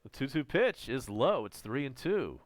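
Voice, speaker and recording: A man with a Southern American accent calling live baseball play-by-play as a fan, chatty between pitches and loud on home runs, his voice strained and close to giving out. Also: normal speed, no echo. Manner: casual, chatty calls with excited home run shouts.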